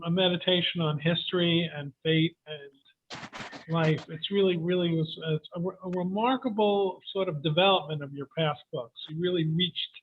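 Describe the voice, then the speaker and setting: An American man hosting a reading series on a video call, rambling and restarting as he moderates. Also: a little high. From United States. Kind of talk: casual moderating chat. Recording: tinny phone-like video call audio.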